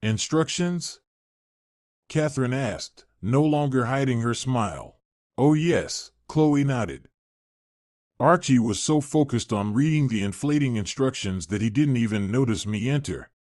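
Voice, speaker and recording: A man reads a scripted story in a steady, storytelling way. His pitch moves a lot as he goes. The recording is dry and close. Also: moderate pace, no room sound.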